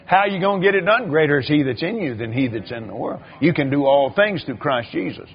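An older male preacher speaks quickly in a slightly high voice, telling sermon stories with lively animation, acted-out quotes, and repeated words. The recording is dull and lo-fi.

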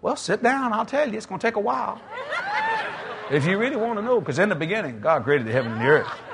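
A man's voice: sits high, fast talker, creaky, background noise. A man with a Cajun accent from South Louisiana, preaching a sermon full of jokes and laughter. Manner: animated, joking storyteller who laughs at his own lines. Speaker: guest preacher. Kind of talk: humorous sermon.

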